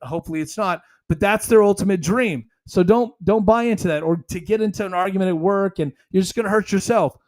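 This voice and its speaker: A man's voice: sits high, fairly quick, hardly any pauses, darkish tone. A man hosting a solo commentary podcast, talking emphatically in a rambling, conversational way. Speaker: podcast host.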